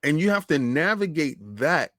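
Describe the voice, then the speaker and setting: A man co-hosting a gaming podcast who tells stories in an animated, emphatic way. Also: fairly high pitch, moderate pace, no room sound, studio quality. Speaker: podcast co-host. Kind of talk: casual podcast chat.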